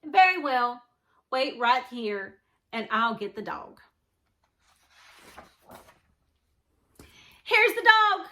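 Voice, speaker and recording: Reading a storybook slowly and with heavy acting, a woman sounds very animated, bright, and forceful as she plays an eager male shelter keeper. He pushes one strange pet after another with a cheerful sales pitch.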